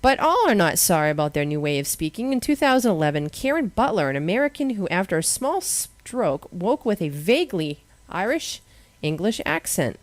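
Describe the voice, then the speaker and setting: A woman's voice: medium pitch, very animated, normal speed, no room sound. Boston woman reading odd news stories. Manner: sarcastic, laughing asides while reading stories. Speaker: radio show co-host. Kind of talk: casual news chat.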